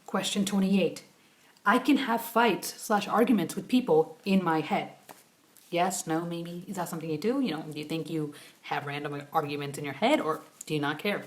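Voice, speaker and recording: Young female YouTuber, casual chat, hushed questions, animated rambling rants. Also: mid-range voice, fast. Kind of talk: casual vlog chat, taking a quiz.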